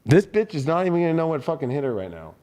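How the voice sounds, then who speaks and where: A man with a high voice delivers an angry, heated livestream rant, swearing constantly at his viewers. He sounds like a tarot host who has run out of patience. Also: sing-song, racing, dark tone. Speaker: astrologer and tarot reader hosting his channel.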